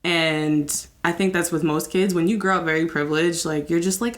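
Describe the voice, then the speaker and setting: Young woman host, low, storytelling. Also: brisk. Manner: emotional, storytelling, animated quoting. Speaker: podcast host. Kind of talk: candid podcast chat.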